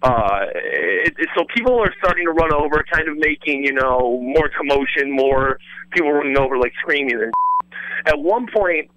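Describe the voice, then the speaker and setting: Excited storytelling man, bright forceful voice. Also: on the high side, moderate pace, muffled recording. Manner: rambling, restarts with lots of "like", swears freely. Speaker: former radio host telling a story as a guest. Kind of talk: animated casual storytelling.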